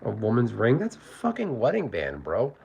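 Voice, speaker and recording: A man's voice: mid-range voice, wildly swooping pitch, normal speed, gravelly, darkish tone, slight background noise. A man hosting a casual cooking livestream from his home kitchen, rambling and reading out chat. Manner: rambling, chatty, reads out chat. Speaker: livestream host. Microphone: phone.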